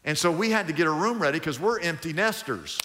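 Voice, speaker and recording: A middle-aged male pastor preaching a sermon in an animated, colloquial way, swinging from loud bursts to hushed asides. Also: on the high side, fast, a little hiss or hum. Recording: long hall reverb.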